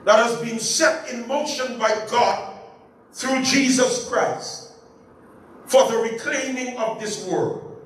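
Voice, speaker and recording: A pastor leading a Bible study, lively and joking, asking the congregation to finish his phrases. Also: very high-pitched, slow pace. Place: church. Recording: echoey church room, far from mic, faint hiss.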